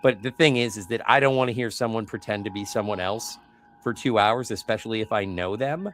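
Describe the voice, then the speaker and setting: A man chatting casually as a podcast co-host, animated, often slipping into quoted voices. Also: lowish voice, fairly quick, a little hiss or hum. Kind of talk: casual conversational chat.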